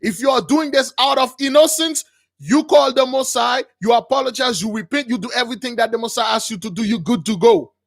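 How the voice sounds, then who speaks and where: Male call-in host with a high voice and a dry, close sound. Emphatic, repetitive preaching style. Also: a little fast, gravelly, no echo. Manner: emphatic, repetitive, keeps addressing listeners as brothers. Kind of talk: preaching to callers.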